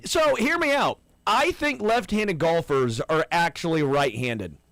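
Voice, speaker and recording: A man's voice: fairly high pitch, expressive, unhurried, a bit bright, dry recording. A man co-hosting a sports radio show, arguing his point eagerly in casual banter and stumbling over his words when pressed. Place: radio studio. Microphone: studio microphone.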